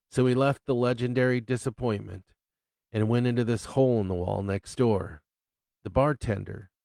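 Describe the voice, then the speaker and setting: A man reads from his own novel in a slow, unhurried storytelling voice. His tone is low and gravelly, with a dry, close sound. He delivers crude humor in a matter-of-fact way. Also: a little mellow, no echo. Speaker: author reading his novel. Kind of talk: live reading of fiction.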